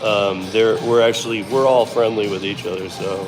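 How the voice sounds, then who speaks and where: A man's voice: fairly low pitch, steady tone, moderate pace. Rambling Michigan man streaming from his car. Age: middle-aged. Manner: rambling, restarts phrases, talks to viewers while driving. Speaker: delivery driver livestreamer. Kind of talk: casual live-stream chat. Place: inside a vehicle. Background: music playing.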